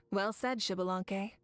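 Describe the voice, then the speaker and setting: An actress voicing a calm, resolute woman warrior leader in a game cutscene. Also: mid-range voice, lightly acted. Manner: steady, resolute.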